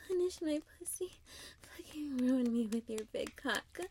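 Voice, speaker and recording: Breathy high-voiced woman, whispered role-play. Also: lively intonation, unhurried, mellow, a little hiss or hum. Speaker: audio role-play performer.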